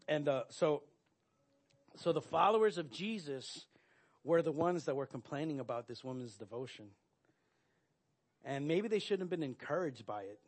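A man preaching a sermon, earnest and direct, often restarting his sentences and filling pauses with "uh". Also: on the high side, animated, a little mellow, breathy edge. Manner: earnest, with frequent fillers and restarts. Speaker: pastor.

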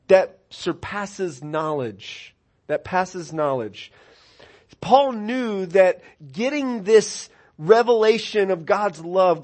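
Male pastor, higher-pitched, delivers an earnest sermon with emphatic swells, soft confessional drops and frequent restarts. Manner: earnest, builds to emphatic peaks then drops soft and personal; repeats words and restarts mid-phrase.

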